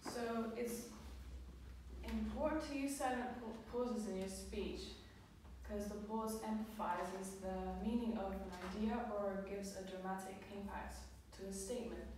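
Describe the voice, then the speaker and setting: A woman's voice: medium pitch, steady tone, a little slow, a little mellow. A young woman giving a student class presentation, reading her points with frequent fillers. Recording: echoey room, far off, with background noise.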